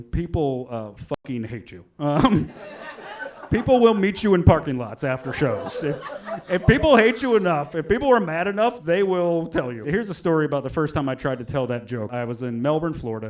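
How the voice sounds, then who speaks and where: A man doing a stand-up comedy set on a club stage, telling stories with energy, acting out shouted quotes and swearing. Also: a little high. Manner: animated storytelling, acts out shouted quotes, swears. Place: comedy club stage before a live audience. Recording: live club audio with crowd laughter and noise. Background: audience laughing.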